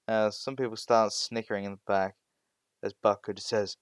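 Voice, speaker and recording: A man with a low, smooth voice narrates an improvised fan story, rambling and restarting his sentences. The sound is close and dry. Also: flat delivery, fairly quick, no echo. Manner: rambling, frequent restarts and "well".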